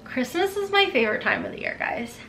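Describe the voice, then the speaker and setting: A woman in her forties unboxing beauty products in a vlog, gushing and gasping with excitement. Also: very high-pitched, brisk, a little hiss or hum. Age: 40s. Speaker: beauty vlogger.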